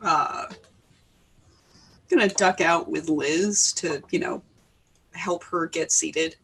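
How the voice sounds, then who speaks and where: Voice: mid-range voice, slow, vocal fry, a bit bright, slightly rough, rough recording. A player in a tabletop role-playing game, speaking in short, dry replies. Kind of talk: casual tabletop play.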